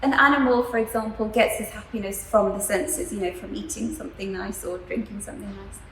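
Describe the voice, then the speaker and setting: A woman's voice: mid-range voice, steady tone, brisk. Earnest woman lecturing in an echoey room. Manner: gentle, earnest storyteller with fillers. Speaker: teacher. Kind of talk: spiritual lecture to students. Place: school room. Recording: echoey room, faint background noise.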